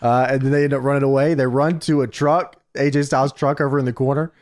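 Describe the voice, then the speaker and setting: A man's voice: medium pitch, level tone, fast, darkish tone. A man co-hosting a casual podcast, steadily narrating a wrestling recap with filler sounds and chuckles. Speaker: podcast co-host.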